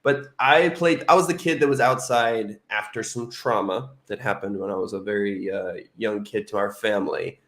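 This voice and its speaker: A man from Oregon, a life coach, talking over a video call in a relaxed, reflective way. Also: lowish voice, moderate pace, hardly any pauses, echoey room. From Oregon, United States.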